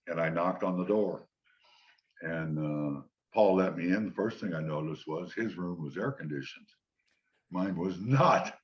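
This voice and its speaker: An older man, a former football player, relaxed as he tells long anecdotes in an interview and quotes the people in them. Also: low voice, unhurried. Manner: relaxed anecdotal storytelling, quoting others. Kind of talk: storytelling interview. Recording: dull lo-fi sound.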